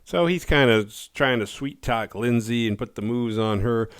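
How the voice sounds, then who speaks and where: A man casually recapping a horror movie's plot, laid-back and profane, slipping into quick voices for the characters. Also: medium pitch, smooth, no room sound, studio quality.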